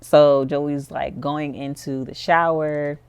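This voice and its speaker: A woman's voice: deep voice, level tone, takes it slowly, a little mellow, clear, resonant tone. A woman narrating a life-sim game in casual commentary. She tells the story in a chatty, rambling style, with "like" filling her sentences. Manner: chatty storytelling, heavy use of "like". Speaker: gameplay commentator.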